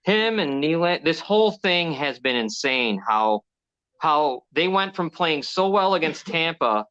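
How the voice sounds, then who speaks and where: A man's voice: on the high side, animated, measured pace, a bit bright, clean tone. A man hosting a casual sports show, rambling and hesitant, often restarting his sentences. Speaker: host. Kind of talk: casual sports betting chat. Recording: dull lo-fi sound.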